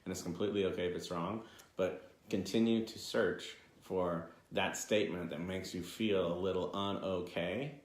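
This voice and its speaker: A man's voice: deep voice, fairly even intonation, normal speed, roomy sound. A man co-hosting a podcast, talking earnestly and motivationally with jokes mixed in. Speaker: podcast co-host. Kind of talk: casual conversation.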